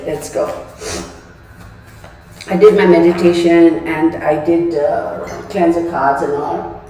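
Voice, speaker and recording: A woman's voice: lowish voice, level tone, slow, long pauses, dark tone. A middle-aged woman hosting a tarot live stream, chatting casually and ranting through a story with frequent laughs. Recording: echoey room, voice from far off the mic.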